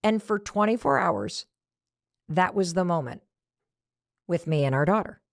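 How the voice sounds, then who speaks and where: A middle-aged woman giving a motivational talk, telling her story with a lively, swooping voice. She acts out the people she quotes. The sound is close and dry. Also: lowish voice, measured pace, vocal fry, dry recording. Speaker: motivational speaker.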